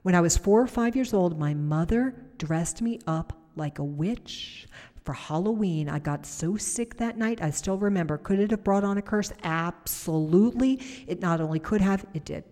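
A woman's voice: fairly low pitch, moderate pace, mellow, big-room sound. A middle-aged woman preaching and praying over viewers on a livestream, talking conversationally and reading comments aloud. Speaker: prayer minister on a livestream.

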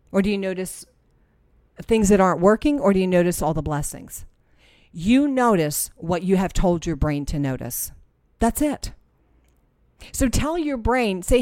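A middle-aged woman teaching a faith-based group, animated and repeating herself as she acts out inner voices. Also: medium pitch, normal speed, dry recording, clean studio sound. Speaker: Christian life coach. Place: room with a live audience.

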